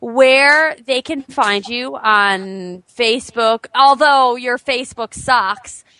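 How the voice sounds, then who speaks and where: A woman's voice: on the high side, takes it slowly, pushed and bright, no room sound. A woman co-hosting a casual chat, laughing often and teasing her co-host. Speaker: podcast co-host.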